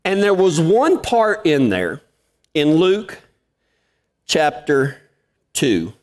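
Speaking very slowly, a pastor with a fairly high voice lets his pitch swoop wildly. He preaches through a folksy anecdote in a drawl, voicing the dialogue as he tells it.

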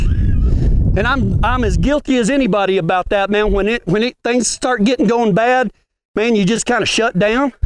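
A man preaching a folksy sermon at a ranch gathering, asking the room questions as he goes. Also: extremely high pitch.

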